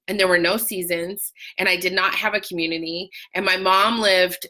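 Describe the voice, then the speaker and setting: A woman talking casually to viewers in a live video, telling an emotional personal story with animated, sudden high outbursts and greeting viewers by name. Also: moderate pace. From Utah. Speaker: life coach sharing a personal story.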